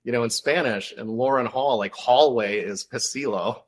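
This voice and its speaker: A man's voice: medium pitch, normal speed. A male author, a guest on a podcast, telling a story in a casual interview with lots of fillers. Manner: animated storytelling, many fillers.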